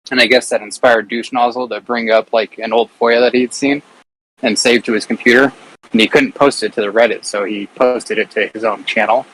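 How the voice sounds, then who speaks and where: A man's voice: mid-range voice, fairly even intonation, brisk, a bit bright, a little hiss or hum, poor audio. Laid-back man calling into a podcast. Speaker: guest caller. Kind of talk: casual podcast chat.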